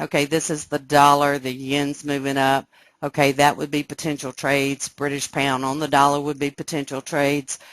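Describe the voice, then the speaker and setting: A woman teaching a live trading webcast, explaining step by step and often checking that listeners follow, sounding excited. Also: deep voice, no echo. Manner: excited, animated. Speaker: trading instructor. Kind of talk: live trading room lesson.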